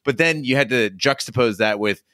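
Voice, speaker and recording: A man's voice: mid-range voice, brisk, pushed and bright, no room sound, studio quality. A man co-hosting a casual movie-review podcast, giving wry, critical commentary. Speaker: podcast co-host.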